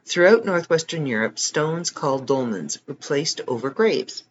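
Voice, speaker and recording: Male reader, casual, wry asides, animated pitch, slightly muffled home recording. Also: moderate pace, a little hiss or hum. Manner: joking, reads text then adds wry comments. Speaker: reader of online articles. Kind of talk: casual reading aloud with asides.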